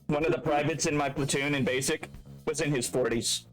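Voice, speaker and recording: A man's voice: fairly high pitch, fairly even intonation, a little fast, fairly bright tone, soft background music. A man who runs the game, chatting casually with his players, joking and swearing freely. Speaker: game master. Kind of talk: casual chat.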